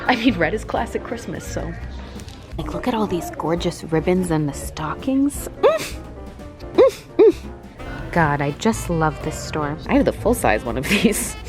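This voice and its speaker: A young woman chats through a casual vlog, gushing and excitable and quick to gasp and giggle. Her pitch swoops widely from low to high, and music plays clearly underneath. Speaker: lifestyle vlogger.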